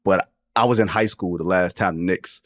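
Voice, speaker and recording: A man hosting a sports podcast, talking in a casual, animated and joking way with lots of slang. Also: low-pitched, normal speed, dry recording, studio quality. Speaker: podcast host, NBA reporter.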